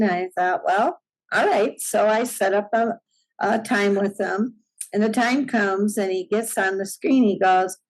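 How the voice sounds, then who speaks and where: A middle-aged woman telling a story at an unhurried pace, her voice sitting in a middle register. She acts out each line of dialogue and laughs often as she talks. The tone is casual and chatty, like a guest on a podcast. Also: mid-range voice, low-quality recording.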